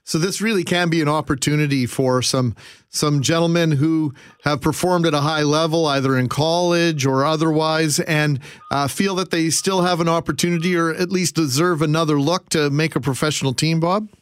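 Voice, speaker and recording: A radio host talks in a relaxed, conversational way, full of fillers and polite asides. His voice is somewhat high for a man and sounds close and dry in the studio. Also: normal speed, clean tone, no room sound. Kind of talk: talk radio.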